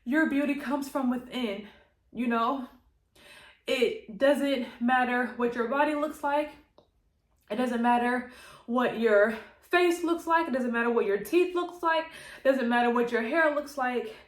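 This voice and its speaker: A woman's voice: on the high side, measured pace. A young woman vlogging to her camera, emotional and hesitant, sighing and laughing between her thoughts. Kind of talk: emotional personal vlog to camera. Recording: echoey room.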